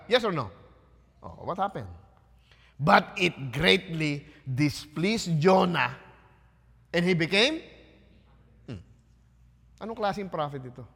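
A man with a Filipino accent preaching a sermon, questioning his congregation with quick Tagalog asides. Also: sits high, sharp tone, in a large hall. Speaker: pastor.

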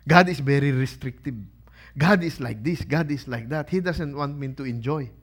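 A man's voice: medium pitch, normal speed, voice pushed down, natural voice. A man voicing a grumbling churchgoer who whines that the rules are too strict, in a sulky, complaining tone.

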